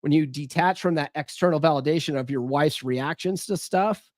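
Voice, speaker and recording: A man talks alone in a loose, rambling way, cursing freely and catching himself mid-sentence. His voice sits a little high for a man. The sound is dry and close, with no room around it. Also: moderate pace, no echo. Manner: rambling, profane, self-interrupting. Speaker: podcast host and relationship coach. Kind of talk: casual solo monologue.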